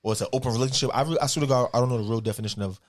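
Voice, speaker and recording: A man's voice: medium pitch, racing. A young man from New York City co-hosting a podcast, asking questions in slangy, casual talk. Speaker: podcast co-host. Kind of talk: casual chat.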